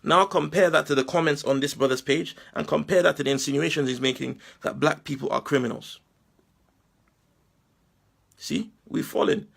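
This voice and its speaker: A Nigerian man giving a forceful, preachy monologue full of rhetorical questions. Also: a little high, normal speed, vocal fry, husky. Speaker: Muslim commentator. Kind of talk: impassioned video monologue.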